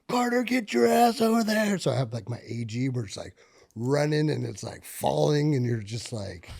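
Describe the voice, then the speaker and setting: A man, a military veteran, telling stories from his service in a casual podcast chat, full of fillers and swearing, and getting loud and animated at the tense parts. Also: mid-range voice, vocal fry, breathy edge. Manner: profane, filler-heavy, gets animated and loud when reliving tense moments. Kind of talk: casual conversational storytelling.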